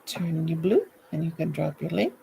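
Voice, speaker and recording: A woman's voice: deep voice, lively intonation, normal speed, gravelly, warm tone, a little hiss or hum, poor audio. An older woman hosting a late-night live stream from home, chatty and goofy, greeting viewers by name into her laptop. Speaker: livestream host. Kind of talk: casual live chat with viewers.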